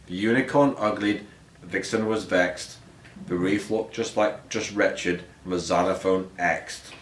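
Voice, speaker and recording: A man's voice: sits low, steady tone, a little slow, slight background noise. Man reading a rhyming storybook aloud. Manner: rhythmic, with slips and restarts. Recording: roomy echo.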